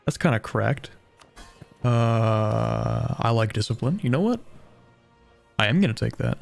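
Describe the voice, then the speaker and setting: A man's voice: medium pitch, unhurried, vocal fry, clear, resonant tone, soft background music. Southern Ontario man chatting while gaming. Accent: Canadian (southern Ontario). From southern Ontario, Canada. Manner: chatty, self-deprecating, thinks aloud. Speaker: game streamer. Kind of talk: casual gameplay commentary, reading chat.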